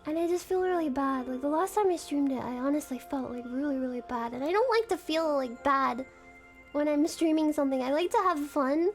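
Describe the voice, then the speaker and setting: Very high-voiced giggly woman streamer. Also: fairly quick, soft background music. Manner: giggly, rambling, self-conscious fangirling. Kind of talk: casual live-stream chat.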